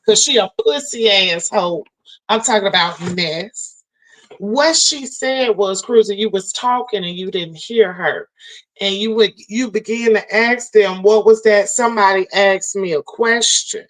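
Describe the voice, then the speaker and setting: A woman's voice: medium pitch, unhurried, low-quality recording. A woman hosting a livestream and telling her chat a story in a heated, profane rant, a little tipsy from drinking. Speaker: livestream host.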